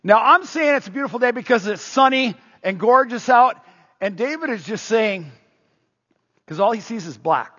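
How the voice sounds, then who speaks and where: Husky high-voiced male preacher. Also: moderate pace, long reverb tail, muffled recording. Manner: animated, conversational storytelling with audience prompts. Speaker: pastor. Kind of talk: sermon.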